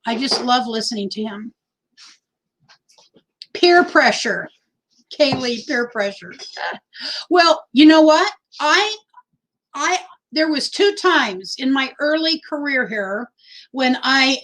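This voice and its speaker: A woman's voice: sits high, fairly bright tone, low-quality recording. A middle-aged woman from Texas hosting a casual livestream, chatty and rambling as she reads out names from the chat into her phone. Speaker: livestream host.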